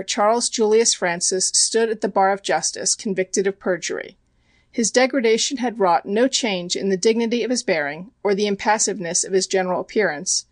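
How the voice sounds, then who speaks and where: A woman narrating an audiobook in an even, measured way, her voice at a middle pitch. The recording is dry and close, with no room sound at all. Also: no echo.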